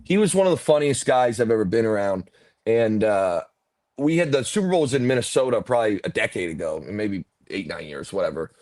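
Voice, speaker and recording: A man's voice: fairly low pitch, expressive, brisk, darkish tone, no room sound. A man hosting a podcast, telling rambling stories in casual chat, swearing and laughing often. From Ontario, Canada. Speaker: podcast host, former football player.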